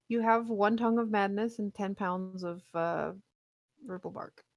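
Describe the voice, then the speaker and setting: A woman's voice: mid-range voice, dry recording. A woman running a tabletop game as game master, chatty and laughing often, with plenty of ums.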